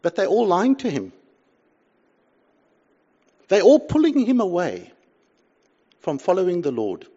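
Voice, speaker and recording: An older man preaching a sermon, swinging between loud pleas and hushed asides. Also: sits high, huge pitch swings, unhurried, pauses often, breathy edge, highs cut off. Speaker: pastor.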